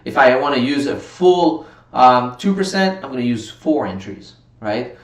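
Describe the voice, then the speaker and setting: A man's voice: mid-range voice, animated, a little slow. A man hosting a live trading stream in casual commentary, reading viewer chat aloud and reacting, sometimes getting worked up. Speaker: livestream trading host. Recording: roomy sound from a distant mic.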